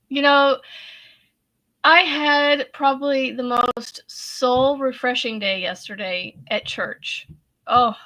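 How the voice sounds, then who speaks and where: Chatty woman host with a high, bright voice, giggling through tears, calls everyone y'all. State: laughing to tears. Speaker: crochet livestream host. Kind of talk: casual livestream chat.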